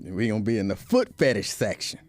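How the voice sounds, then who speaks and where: A man's voice: fairly low pitch, big pitch swings, fairly quick. A man hosting a show, telling a comedic casual monologue with joking, repetitive asides. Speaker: show host.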